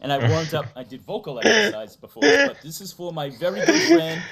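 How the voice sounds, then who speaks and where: A woman's voice: mid-range voice, sing-song, brisk, vocal fry, a crowd in the background. A woman from Massachusetts with a New England accent, hosting a live stream in casual, playful chat and reading out donations. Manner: chatty, playful, interrupts to read donations. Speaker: streamer host.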